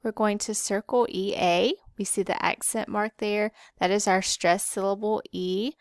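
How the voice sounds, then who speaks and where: A woman teaching a spelling lesson, who spells words out letter by letter slowly and patiently. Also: mid-range voice, fairly even intonation, no room sound, studio quality. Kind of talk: slow, careful spelling lesson.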